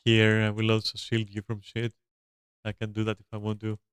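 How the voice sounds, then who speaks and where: A man's voice: fairly low pitch, completely flat delivery, a little fast, smooth, no room sound. A young man streaming a video game, chatting casually to his viewers in a rambling, swearing, laugh-prone way. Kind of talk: casual gameplay commentary to chat.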